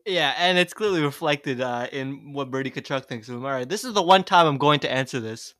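Bright-voiced profane podcast guy. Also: medium pitch, animated, fairly quick, dry recording, clean studio sound. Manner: profane, blunt, laughs often. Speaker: podcast co-host. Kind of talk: casual podcast chat.

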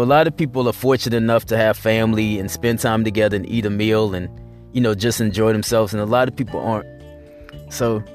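A man hosting his weekly show, talking in a blunt, rambling, profane casual monologue. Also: mid-range voice. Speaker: host.

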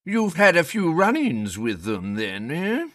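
A man's voice: fairly high pitch, wildly swooping pitch, a little slow, a bit bright, no echo, studio quality, full character voice. A man voicing a sneering, hard-drinking, nervous blond male politician in a read-aloud story. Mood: gruff. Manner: sneering, curt.

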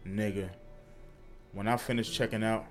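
A man's voice: on the low side, fairly even intonation, normal speed, faint music behind. A man from New York co-hosting a podcast, telling stories in casual chat, swearing freely and laughing through them. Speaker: podcast co-host.

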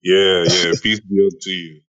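A man's voice: low-pitched, little pitch movement, measured pace, fairly bright tone, highs cut off. A man in a casual online audio room discussion, chatty and laughing, with many "you know"s. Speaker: Clubhouse room speaker.

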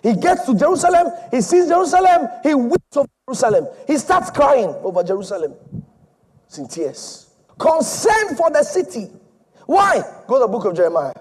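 A male preacher delivering an emphatic, repetitive sermon that swings between loud and soft. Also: sits high.

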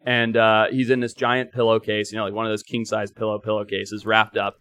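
A young man from Africa, co-hosting a podcast, telling stories in an animated, emphatic way, sometimes swearing. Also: fairly low pitch, fairly quick, clear, resonant tone, dry recording. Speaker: podcast co-host. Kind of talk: casual chat and storytelling.

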